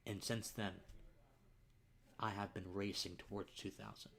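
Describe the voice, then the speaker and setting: Earnest young man, halting and emotional. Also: fairly low pitch, a little hiss or hum. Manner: earnest, halting, repeats words, drops to near-whispers. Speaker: political podcaster and streamer. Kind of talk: emotional live-stream monologue.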